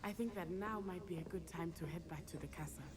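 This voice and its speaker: An actress playing an earnest, concerned young student in a video game, with a measured delivery. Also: female voice, on the low side, lightly acted. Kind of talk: game dialogue. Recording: game audio with crowd noise.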